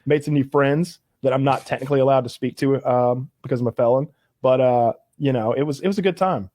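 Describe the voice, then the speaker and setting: A man in his thirties telling stories in a casual podcast chat, animated and quick to laugh. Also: mid-range voice, no room sound. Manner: animated, laughs often, mimics others. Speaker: podcast co-host. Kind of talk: casual storytelling.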